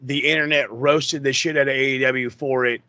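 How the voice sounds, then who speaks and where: A man hosting a podcast, recapping in a casual, excitable, profane way that rambles. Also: medium pitch, a little fast, no room sound. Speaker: podcast host.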